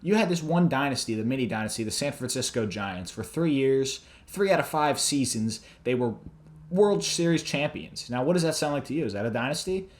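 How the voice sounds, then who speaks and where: A man's voice: mid-range voice, animated, brisk. Man, podcast co-host, casual sports talk, profane, ranting.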